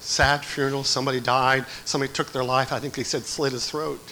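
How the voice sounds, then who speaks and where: A middle-aged man preaching a sermon as pastor, swinging from quiet talk to shouted exhortation. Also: medium pitch, little pitch movement, quick pace, a little hiss or hum, low-quality recording.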